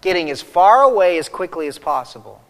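A man's voice: high-pitched, big pitch swings, a little fast, fairly bright tone, big-room sound. A man preaching a sermon as a pastor, reading scripture aloud and building to emphatic peaks.

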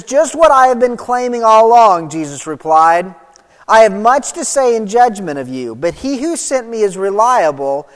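High-voiced male preacher in a reverberant hall. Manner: reads scripture aloud, then expounds with emphatic swings of pitch and volume. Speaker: pastor. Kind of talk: sermon.

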